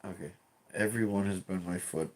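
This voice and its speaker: A man with a fairly low voice hosts a casual live stream from his home. He rambles loosely, swears freely and trips over his sentences as he chats to viewers. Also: fairly even intonation, normal speed, a little hiss or hum. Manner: rambling, profane, restarts often.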